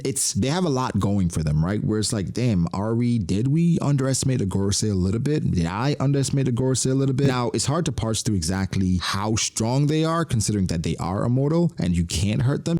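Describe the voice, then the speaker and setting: A man with a low voice chats about a manga chapter in loose slang. His pitch swings widely, and he laughs often while acting out the characters' lines. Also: brisk, hardly any pauses. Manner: animated, laughs often, slangy, acts out quotes. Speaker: podcast host reviewing a manga chapter. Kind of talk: casual chat.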